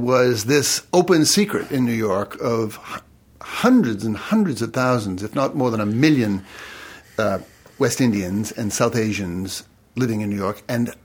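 A male interviewer asking a novelist about his book in slow, expressive questions. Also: medium pitch, breathy edge.

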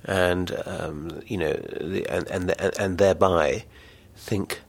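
Low-voiced hesitant male author. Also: steady tone, takes it slowly, gravelly. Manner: hesitant and thoughtful, with many fillers when answering. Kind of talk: reading his novel, then interview answers.

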